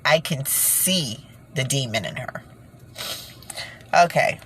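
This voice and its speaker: A woman's voice: extremely low pitch, expressive, slow, fairly bright tone, slight background noise, poor audio. A woman ranting indignantly in a casual monologue to her viewers, breaking off with sighs and nervous laughs. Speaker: vlogger.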